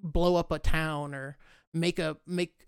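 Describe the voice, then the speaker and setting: Profane, sarcastic man ranting, high voice. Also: flat delivery, slow pace, clear, resonant tone, dry recording, studio quality. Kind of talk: casual rant.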